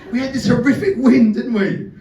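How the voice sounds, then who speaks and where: In a club, a British man with a British English accent does a chatty, sweary, self-mocking stand-up set, stammering as he restarts lines. His voice is very high-pitched and dark in tone, going a little fast. The recording is roomy and distant, with audience laughter and chatter in the background.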